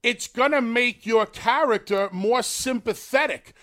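A man with a strikingly high voice makes his points with force, stretching stories out and slipping into voices for the people in them. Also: unhurried, fairly bright tone. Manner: emphatic storyteller who acts out lines in character. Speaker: podcast co-host. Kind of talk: casual chat.

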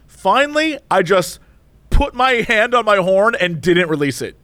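Animated high-voiced man telling a story. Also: normal speed, no room sound. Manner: animated, exaggerated retelling with laughter. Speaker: podcast co-host. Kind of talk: casual storytelling chat.

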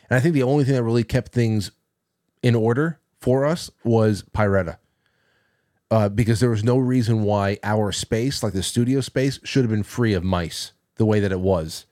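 A man's voice: on the low side, a little mellow, no room sound. A man hosting a radio show, casually reminiscing in a rambling, amused storytelling manner with frequent restarts, close to a studio mic.

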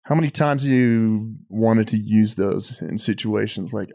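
A man's voice: lowish voice, measured pace, gravelly, hardly any pauses, mellow. Easygoing male podcast host. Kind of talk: casual interview chat.

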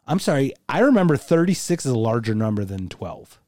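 A man's voice: medium pitch, big pitch swings, brisk, a little mellow, dry recording, clean studio sound. A man co-hosting a casual podcast, talking crudely and acting out movie lines. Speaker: podcast co-host. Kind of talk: casual chat.

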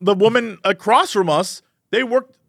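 A man's voice: high-pitched, normal speed, creaky, dry recording, clean studio sound. A man co-hosting a podcast, chatting casually and telling a story with lots of acted-out quotes. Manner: animated storyteller, acts out quoted voices. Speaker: podcast co-host. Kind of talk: casual chat.

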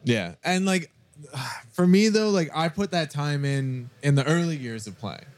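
A man's voice: a little high, expressive, measured pace. A man in his thirties, a drummer, chatting in an easygoing, agreeable way with casual swearing. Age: 30s. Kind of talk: casual chat.

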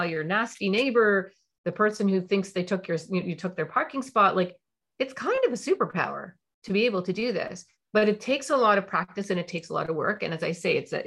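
Woman coaching parents, emphatic, repeats stuff for stress, mid pitch. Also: a bit bright. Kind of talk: explanatory coaching talk.

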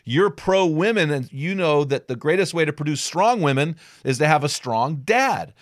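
A man's voice: a little high, animated, normal speed, dry recording, studio quality. A man hosting a podcast, talking conversationally and enthusiastically with his guest. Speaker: podcast host, men's ministry leader. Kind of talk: podcast interview.

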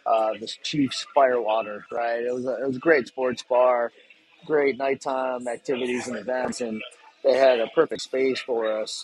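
A man's voice: mid-range voice, fairly even intonation, moderate pace, low-quality recording. An easygoing man with an ordinary mid-range voice tells stories as a guest on a casual fan chat. He rambles comfortably and laughs easily. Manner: laid-back, chatty, laughs easily. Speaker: fan club chapter president, guest.

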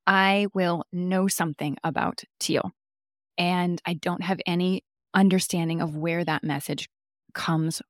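Low-pitched woman, expressive storyteller, dry close sound; interview guest. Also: measured pace, no echo. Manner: lively storyteller who acts out dialogue. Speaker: guest, mother of a nonverbal child. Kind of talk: casual interview talk.

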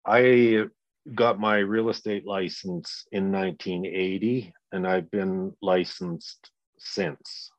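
A man's voice: sits low, takes it slowly, no room sound. A man in his sixties, a grieving father giving a blunt, profane interview and acting out the people he quotes. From Canada. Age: 60s. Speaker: guest, victim's father. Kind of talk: candid interview.

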